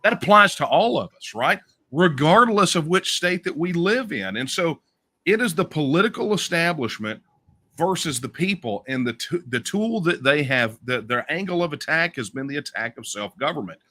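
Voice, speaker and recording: A man's voice: fairly high pitch, lively intonation, moderate pace, pushed and bright. A man, speaking as an interview guest, making emphatic speech-like points and often tagging them with "right?". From Texas. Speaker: guest, secession campaigner. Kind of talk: political interview.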